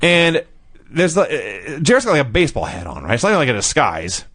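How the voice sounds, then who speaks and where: A man's voice: mid-range voice, huge pitch swings, a little fast, fairly bright tone, no echo. A man co-hosting a podcast, recapping an old wrestling show with sarcastic, profane jokes. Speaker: podcast co-host. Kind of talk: casual chat.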